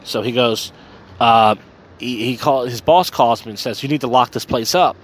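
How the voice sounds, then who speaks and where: A man's voice: medium pitch, normal speed. Tipsy man rambling crude stories. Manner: crude, meandering storytelling full of fillers. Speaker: podcast host and open mic host. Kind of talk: casual rambling monologue.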